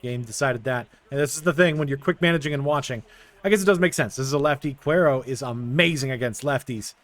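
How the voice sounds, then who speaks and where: A young man narrating his baseball video game play by play, quickly getting frustrated at the game. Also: mid-range voice, dry recording. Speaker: gaming YouTuber. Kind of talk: casual video game commentary.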